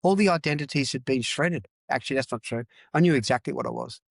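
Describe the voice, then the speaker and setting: A man's voice: mid-range voice, fast, gravelly, no echo. Frank man in his fifties. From Australia. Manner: raw, frank, repeats words for emphasis. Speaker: guest, former rugby player. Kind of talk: candid personal storytelling.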